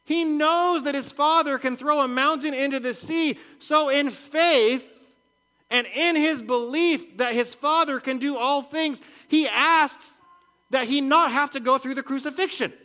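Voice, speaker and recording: A man delivers a sermon in a notably high-pitched voice. His tone is bright and forceful, and he works through his points with repeated phrases and questions to the listeners. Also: a little slow. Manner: earnest preaching with rhetorical questions and repetition. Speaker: pastor.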